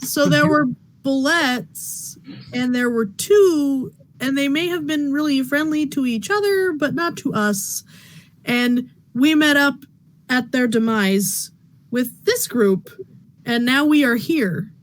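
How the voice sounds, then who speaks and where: A woman's voice: sits high, slow, slight background noise. A woman player at a tabletop game, chatty and joking in character.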